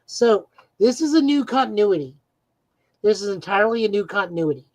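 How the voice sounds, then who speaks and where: A woman's voice: mid-range voice, lively intonation, brisk, no room sound, rough recording. A woman co-hosting a podcast, eagerly recapping comic book plots in a casual chat with frequent "uh"s. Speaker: podcast co-host.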